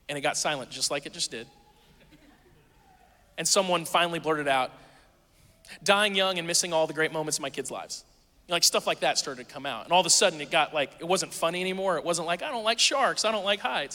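Bright-voiced man preaching in a hall. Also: high-pitched. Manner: storytelling, conversational with animated quoting. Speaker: pastor. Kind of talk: sermon. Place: church auditorium. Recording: reverberant hall.

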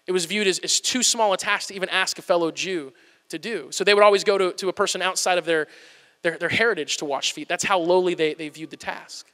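A man in his thirties preaching an animated, humorous sermon in a church, joking at his own expense as he retells a scripture story. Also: high voice, brisk, big-room sound. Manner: animated, joking and self-deprecating. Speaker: pastor.

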